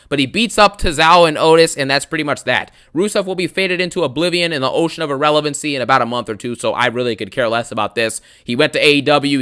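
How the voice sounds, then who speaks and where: A man in a sarcastic, fed-up wrestling rant with a bright, edgy tone. He talks a little above the usual male pitch, dismissive and quick to mock. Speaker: wrestling video ranter. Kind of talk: angry wrestling recap rant.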